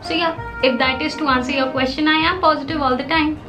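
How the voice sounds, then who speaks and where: A woman's voice: high-pitched, steady tone, fast talker, over loud music. A young woman with an Indian English accent, answering viewer questions in a playful, sarcastic vlog and mixing in Hindi. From Palampur, Himachal Pradesh, India. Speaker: YouTuber. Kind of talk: casual Q&A vlog.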